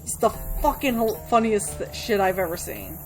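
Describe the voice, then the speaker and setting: A woman's voice: mid-range voice, expressive, moderate pace, over music. A woman hosting a let's play, chatting casually and swearing freely while she reads the game's dialogue aloud. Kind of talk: gameplay commentary.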